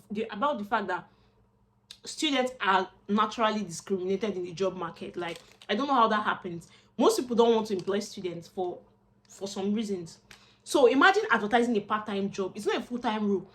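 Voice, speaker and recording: A young woman with a Nigerian accent, chatting casually to camera as a vlogger and job seeker, expressive and slipping into Pidgin asides. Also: mid-range voice.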